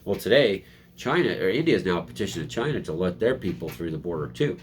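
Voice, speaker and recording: A man's voice: sits low, very animated, fast talker. A man hosting a casual political commentary, reading headlines and ranting sarcastically from home, with frequent restarts. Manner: sarcastic, rambling, mocking voices in quotes.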